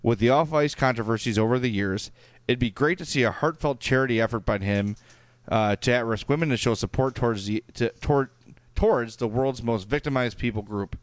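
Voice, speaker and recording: A man's voice: mid-range voice, a little fast, dry recording. A man with a Chicago accent co-hosting a casual podcast, reading listener emails aloud with plenty of fillers. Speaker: podcast co-host.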